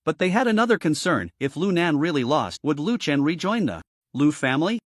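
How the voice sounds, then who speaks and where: A man narrating a fantasy novel story in a scripted, animated storytelling manner. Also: on the high side, a little fast, no room sound, studio quality.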